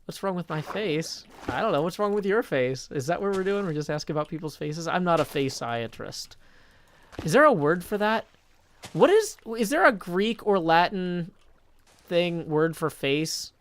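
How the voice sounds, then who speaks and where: A man chatting casually on a live stream, reading viewer messages aloud and thinking out loud as he goes. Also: high voice, big pitch swings, normal speed, slight background noise.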